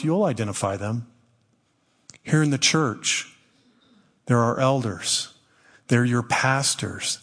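A middle-aged man preaches a sermon as a church elder, speaking in a conversational, earnest way and acting out the lines he quotes. His voice sits at an ordinary middle pitch. The sound rings with the long reverb of a church hall. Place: church sanctuary.

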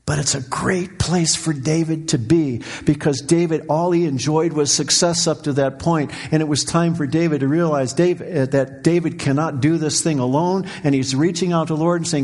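A middle-aged male pastor delivering a sermon, his voice sitting a touch higher than most men's. He moves between hushed, low stretches and fervent, rising cries as he preaches. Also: steady tone, normal speed, hardly any pauses.

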